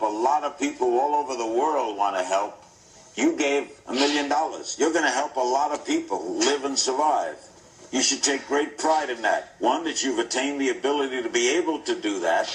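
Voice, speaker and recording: Brief: male TV host, gentle questioning, mid-pitched, distant roomy broadcast sound. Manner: gentle, reassuring, measured questioning. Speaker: TV talk show host. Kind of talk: broadcast interview. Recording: roomy broadcast audio, off-mic.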